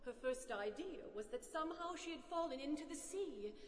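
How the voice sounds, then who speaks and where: A woman reading a children's story aloud expressively, with animated loud bursts, in an echoey room. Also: high-pitched, normal speed. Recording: echoey room with long reverb.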